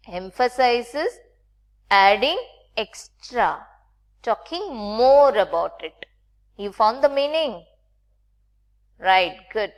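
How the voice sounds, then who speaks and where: A woman teaching a recorded grammar lesson with Indian English phrasing, patient and checking in often with the class. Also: fairly high pitch.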